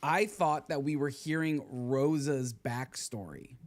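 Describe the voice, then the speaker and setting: A man co-hosting a casual book club discussion, relaxed and reflective, with jokes. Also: medium pitch, slow pace, a crowd in the background.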